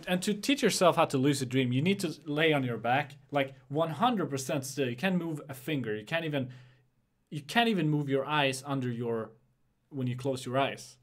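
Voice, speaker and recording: A young man talks loosely as host of a casual podcast chat. He meanders, restarts his sentences and leans on fillers as he explains things. His pitch sits in an ordinary middle range. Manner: rambling, many fillers and restarts.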